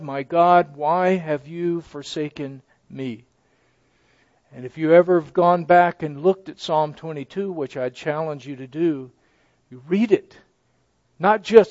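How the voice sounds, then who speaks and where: A man preaching a sermon, emphatic, swinging from loud declarations to hushed asides. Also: on the high side, no room sound. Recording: dry, dull lo-fi sound.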